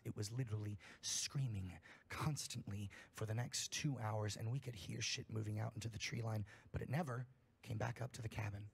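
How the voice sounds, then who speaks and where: A man's voice: lowish voice, creaky, breathy edge. A man reading a campfire horror story aloud in an emphatic storytelling manner, full of swearing.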